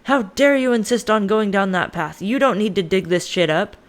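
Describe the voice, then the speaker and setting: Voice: mid-range voice, lively intonation, moderate pace, lightly acted. A storyteller voicing a frantic queen who sharply forbids her husband to dig further. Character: frantic, commanding queen, woman.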